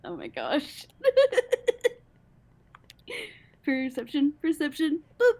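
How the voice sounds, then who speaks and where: A woman's voice: high-pitched, wildly swooping pitch, slow, heavy background noise. A woman casually narrating in a tabletop game, chatty and giggling often.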